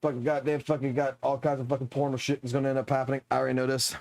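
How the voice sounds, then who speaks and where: A man's voice: mid-range voice, level tone, rapid-fire, creaky, darkish tone, dry recording. A male streamer talking casually and profanely while reacting to clips. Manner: offhand, profane muttering.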